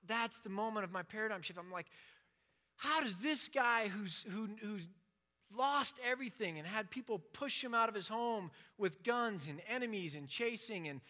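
A man's voice: high voice, lively intonation, normal speed, pushed and bright. A man giving an informal sermon with passion, acting out the prayers he quotes. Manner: impassioned, acts out quoted prayers. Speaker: preacher.

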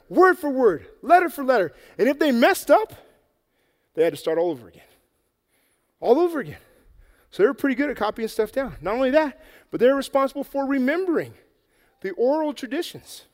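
A man telling a Bible story to children in a lively, playful way, acting it out and getting out of breath. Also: extremely high pitch, big-room sound. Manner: energetic, playful, acts out the story. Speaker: children's preacher. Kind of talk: animated Bible story for kids. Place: church hall with an audience.

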